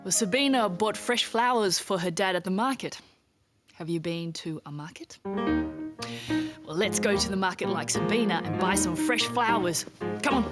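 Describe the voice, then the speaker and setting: A woman's voice: medium pitch, measured pace. A woman presenting a children's TV show, singing rhymes and coaxing young viewers along in a sing-song way. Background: guitar music.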